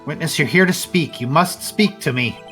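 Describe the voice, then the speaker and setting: A woman's voice: low-pitched, animated, normal speed, fairly bright tone, soft background music. A woman streamer reading a lawyer's lines aloud while playing a video game, matter-of-fact.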